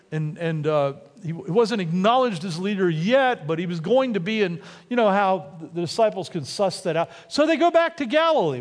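Animated male preacher in a reverberant hall. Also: sits high. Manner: animated, acts out quotes with rising and dropping voice. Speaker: pastor. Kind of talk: sermon. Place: church sanctuary.

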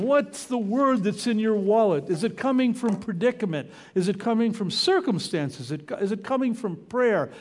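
A middle-aged pastor preaches in a lively, story-driven sermon, tossing quick asides to his listeners. His voice sits high for a man and swoops widely up and down. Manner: animated storytelling with emphatic asides.

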